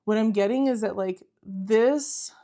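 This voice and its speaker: A woman's voice: medium pitch, unhurried, warm tone. A woman giving an earnest, encouraging tarot reading to camera, repeating herself and saying "like" often. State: close to tears at times. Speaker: tarot reader.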